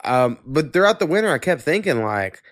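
A man's voice: a little high, sing-song, brisk, dry recording, studio quality. A man hosting a podcast, talking in casual chat, rambling and swearing freely while congested with a cold. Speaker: podcast host.

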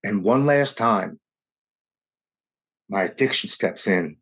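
Husky low-voiced man telling his story. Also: lively intonation, a bit bright. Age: adult with young children. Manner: earnest, raw, quickens and slows with emotion. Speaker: guest sharing his recovery story. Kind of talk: candid personal storytelling.

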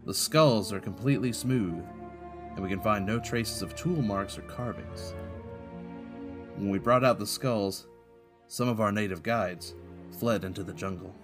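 A sixteenth-century Spanish explorer, as a game master puts him on in a hammy Spanish accent, recounts his journal solemnly over background music. The voice sits fairly low, and each entry is read in a steady, measured way. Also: close to an everyday voice. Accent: put-on Spanish accent.

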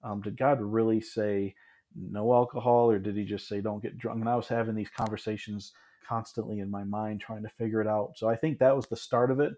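A man in his thirties from Michigan, USA, guests on a podcast with a lowish, mellow voice, a steady tone, and a brisk pace. He tells his story casually and reflectively, often restarting and tossing in asides along the way.

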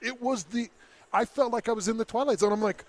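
A man from Utah, hosting a podcast, tells a story in a casual chat at a quick pace with a very high voice. He's animated, laughs often, and acts out the people in his tale.

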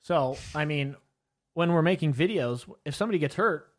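A man's voice: on the high side, moderate pace. A man co-hosting a casual chat show, rambling a little and reading listener comments aloud. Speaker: podcast co-host.

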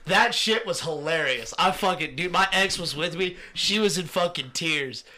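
This man co-hosts a laid-back podcast, spinning stories with plenty of cursing and laughs. His voice sits a little high with a sharp edge, and he speaks at a normal speed.

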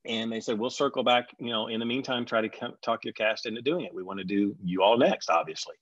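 Man, middle-aged, animated storyteller, lowish voice, dry slightly muffled recording. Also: fast talker, dry recording. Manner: animated, acts out quoted people in a raised voice. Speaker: guest recalling a reality show reunion. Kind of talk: storytelling in conversation. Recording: dry, slightly dull sound.

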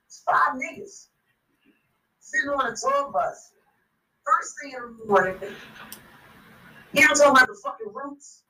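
Brief: high, bright woman, blunt and profane podcast guest, slightly off-mic. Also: a little slow, long pauses, far from the mic, poor audio. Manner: blunt, animated, swears constantly. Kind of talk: profane storytelling.

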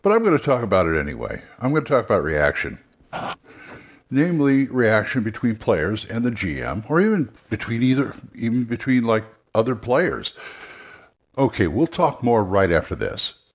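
A man's voice: mid-range voice, very animated, normal speed. A man hosting a podcast, talking casually and rambling with many restarts. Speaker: podcast host, game master.

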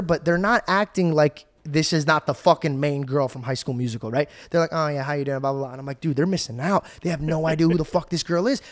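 Excitable young man telling a story. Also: fairly high pitch. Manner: excitable, swears freely, acts out quoted voices. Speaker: podcast host. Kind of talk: casual storytelling chat.

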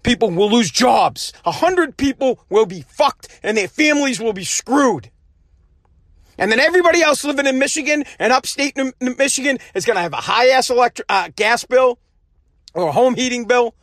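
A man hosting his own podcast from a home basement, delivering an angry, profane political rant that swings between shouting and muttering. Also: extremely high pitch, expressive, moderate pace, dry recording. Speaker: podcast host.

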